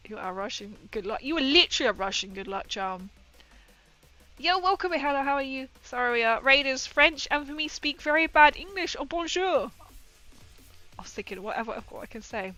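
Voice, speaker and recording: A woman streamer with a slightly high, bright, forceful voice chats excitedly while painting miniatures on a live stream. She greets her viewers eagerly, and soft music plays faintly behind her. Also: moderate pace. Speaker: livestream host painting miniatures. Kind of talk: casual livestream chat.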